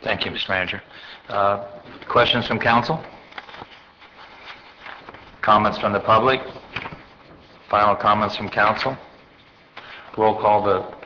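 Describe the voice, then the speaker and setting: A man's voice: on the low side, fairly even intonation, unhurried, long pauses. A man chairing a city council meeting as mayor, reading resolutions and calling votes in a formal, procedural manner. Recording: muffled council chamber audio with faint hiss.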